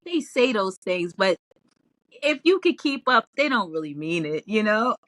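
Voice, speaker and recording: A woman telling her story as an interview guest in a casual, animated way, often laughing and raising her voice when she quotes herself. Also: mid-range voice, normal speed, dry recording. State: tearful at times.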